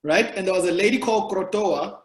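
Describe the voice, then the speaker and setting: A man's voice: high-pitched, a little fast. A South African man hosting a podcast, chatting casually and rambling through long explanations of history. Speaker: podcast host, comedian. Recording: roomy echo.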